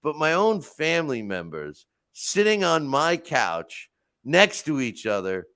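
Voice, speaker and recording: Man, podcast host, lively swooping pitch, a bit high, dry close sound. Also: a little slow, dry recording. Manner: animated storytelling, frequent restarts and asides. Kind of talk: casual monologue.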